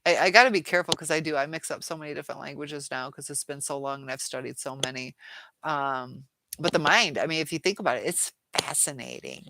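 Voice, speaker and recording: A woman with a low, gravelly voice hosts a relaxed live chat. She reads viewer comments aloud, trails off now and then and laughs easily. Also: quick pace, noisy background. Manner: chatty, laughs often, trails off while reading comments.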